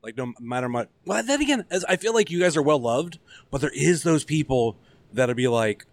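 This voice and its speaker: A man's voice: on the high side, expressive, normal speed, dry recording. A man hosting a wrestling podcast, chatting loosely and swearing freely. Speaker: podcast host. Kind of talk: casual chat.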